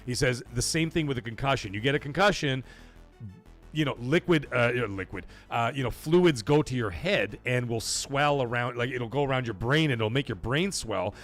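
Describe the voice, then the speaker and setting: A man's voice: medium pitch, moderate pace, a bit bright, soft background music. A middle-aged man hosting a live stream, chatting casually, reading viewer messages aloud, and telling stories in a loose, profane, emotional way. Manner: profane, rambling, emotional storytelling; reads viewer super chats aloud. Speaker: livestream host.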